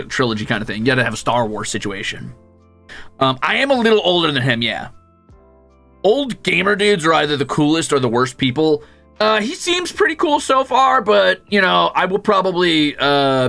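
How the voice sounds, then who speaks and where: A young man chatting casually while gaming, telling stories with jokes and swearing and jumping into high voices to quote people. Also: gravelly. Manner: animated storyteller, jumps into high squeaky voices when quoting. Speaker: streamer.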